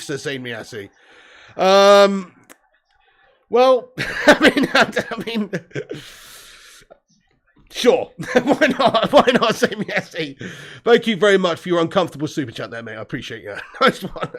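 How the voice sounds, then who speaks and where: A man's voice: high-pitched, big pitch swings, a little slow, pauses often, a bit bright. A man hosting a live football watch-along, reading viewer chat aloud and commentating with lots of swearing and laughter. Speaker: host.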